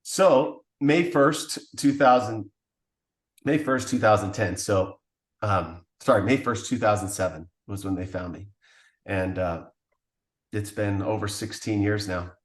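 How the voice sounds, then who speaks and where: A man's voice: lowish voice, unhurried, roomy sound. A man telling the story of his past as a podcast guest, in an earnest, emotional way. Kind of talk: personal testimony.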